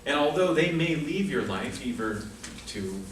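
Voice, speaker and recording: A man's voice: fairly high pitch, animated, a little slow, a little hiss or hum. A man giving a prepared humorous speech at a speaking club, telling a story with comic asides. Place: club meeting room. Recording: echoey room from far off.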